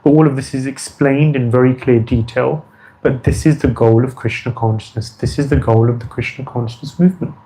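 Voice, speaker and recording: A man's voice: medium pitch, fairly even intonation, fairly quick, dark tone, low-quality recording. A man giving an earnest devotional lecture as a spiritual teacher, often repeating phrases for emphasis.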